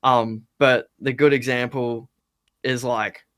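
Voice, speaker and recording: Casual Australian bloke up at 3 a.m., bright, forceful voice, dry close sound. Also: male voice, mid-range voice, steady tone, takes it slowly, clean tone, dry recording. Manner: laid-back, swears freely, laughs a lot. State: up late at 3 a.m. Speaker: guest, metalcore vocalist. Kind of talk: casual chat over a video call.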